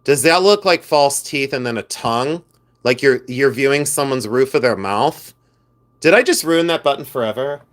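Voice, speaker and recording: A man's voice: mid-range voice, lively intonation, normal speed, a bit bright. A man hosting a live stream, chatting casually, joking and reading viewer comments aloud. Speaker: live stream host reselling buttons.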